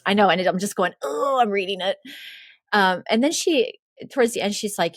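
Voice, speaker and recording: A woman's voice: mid-range voice, animated, a little fast, no room sound, studio quality. A woman hosting a podcast, retelling a story in casual chat, giggly and full of "like" fillers. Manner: giggly, chatty, lots of "like" fillers. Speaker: podcast host.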